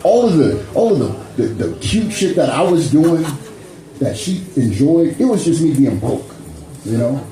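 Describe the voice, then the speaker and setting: A man's voice: fairly high pitch, sing-song, measured pace. A man doing a stand-up set with crowd work, loose and conversational, tagging lines with "you know" and "man". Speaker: stand-up comedian. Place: comedy club stage. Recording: echoey club room, faint ambience.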